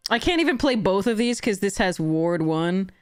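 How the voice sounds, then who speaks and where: A woman streamer giving gameplay commentary on a livestream, swearing and ranting in frustration, with high shouted bursts. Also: expressive, moderate pace, clear, resonant tone, soft background music.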